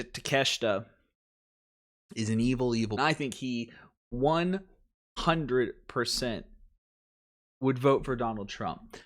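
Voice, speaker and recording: Man, casual commentary host, rambling, chuckling, self-interrupting, animated pitch, mid-range voice.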